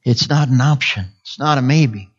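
A preacher delivering a sermon, repeating scripture phrase by phrase and swinging from hushed whispers to loud cries. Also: medium pitch, normal speed, slightly rough, lo-fi sound. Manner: dramatic swings between whispers and shouts.

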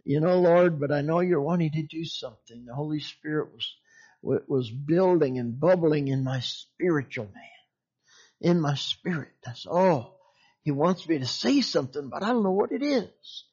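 A man delivers a sermon testimony in a folksy, storytelling way, chuckling often. His voice sits a little high. The recording is dull and muffled. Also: a little slow, a little mellow, breathy edge. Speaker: preacher.

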